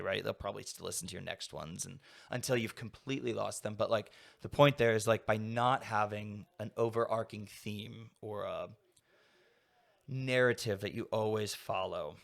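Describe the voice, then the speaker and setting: Young man, podcast guest, somewhat low voice, loose rambling chat, lots of filler words. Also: moderate pace, gravelly, fairly bright tone. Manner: rambling, heavy use of "like" fillers. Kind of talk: casual conversation.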